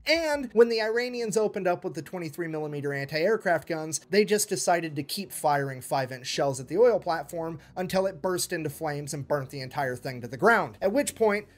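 A man telling a military history story as comedy, profane and animated, acting out quotes. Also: a little high.

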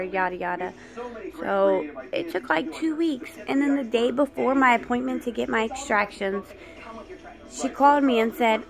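A woman's voice: a little high, lively intonation, normal speed, vocal fry, music in the background. A woman vlogger frankly telling a personal story, aggravated at how she was treated.

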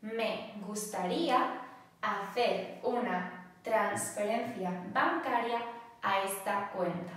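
A woman teaching phrases in a slow lesson, repeating each phrase clearly. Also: mid-range voice, a bit bright. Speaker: Spanish teacher. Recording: very echoey room, distant from mic.

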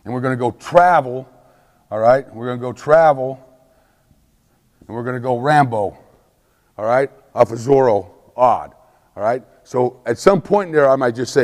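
A man giving an emphatic football coaching clinic lecture at a mid pitch, forever tossing in quick checks with his listeners. He acts out the play calls he shouts in practice. The long reverb of a big hall hangs on his voice.

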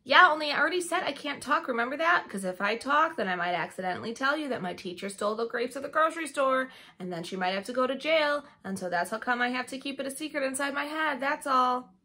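Bright, husky little-girl storybook voice, bossy and blurting; woman reader. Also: sits high, animated, fast, few pauses, voice pushed up, heavily acted. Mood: insistent. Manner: loud, chirpy, breathless run-on chatter.

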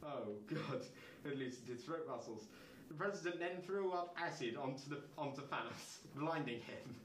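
Male host, comic reader, incredulous asides, slightly high-pitched, roomy echo. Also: animated, normal speed, slight background noise. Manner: incredulous, breaks into laughter and asides. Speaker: channel host reading fan fiction. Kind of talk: comedic reading with commentary.

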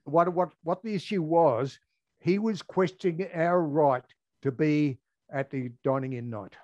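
Older aussie bloke telling an old story, lots of ums and restarts, bit high voice. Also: male voice, dark tone, dry recording, muffled recording. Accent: Australian. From Australia. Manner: halting, full of ums and restarts. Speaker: interviewee, air force veteran. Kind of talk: storytelling interview.

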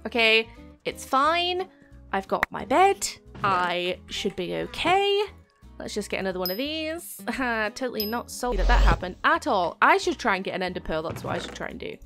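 A woman's voice: fairly high pitch, a bit bright. A young woman giving a chatty, panicky commentary over her own gameplay, with sudden shrieks. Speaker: gaming YouTuber. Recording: faint background music.

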